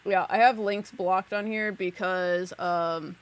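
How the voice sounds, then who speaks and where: A woman's voice: lowish voice, steady tone, slow, clean tone. A woman casually chatting while giving a live psychic reading at her desk at home, talking freely and laughing between thoughts. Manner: chatty, giggly, lots of "like" fillers. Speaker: psychic medium streamer. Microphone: desk mic on a live stream.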